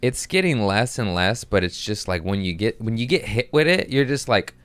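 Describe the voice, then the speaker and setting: A man's voice: fairly low pitch, big pitch swings, normal speed, a bit bright, smooth, no room sound. A man who is a comedian hosting his podcast, ranting in an exasperated, profane way with comic timing. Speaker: podcast host.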